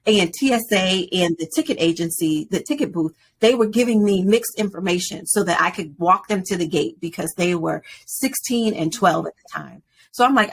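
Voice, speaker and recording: A woman in her forties, a podcast guest, telling a personal story in an animated way. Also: on the low side, brisk, a little hiss or hum. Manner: animated storyteller, acts out quoted voices.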